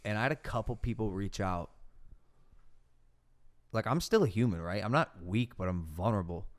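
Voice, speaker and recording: Animated, cursing young male podcast host. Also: lowish voice, normal speed. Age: 20s. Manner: animated storytelling, heavy swearing. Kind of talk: casual podcast chat.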